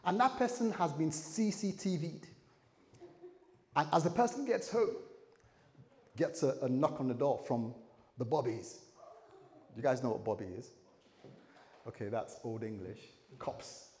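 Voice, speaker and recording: A male pastor delivers a sermon as a story, full of chatty asides to the congregation. His voice is fairly high and very lively in pitch, and it echoes with a long tail through a church hall with faint ambient noise. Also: measured pace, long pauses.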